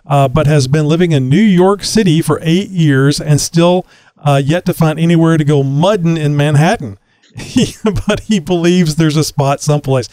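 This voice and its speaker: A man's voice: on the high side, normal speed, darkish tone, no echo. A man from Texas hosting a casual podcast interview, chatty with frequent laughs and fillers. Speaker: podcast host.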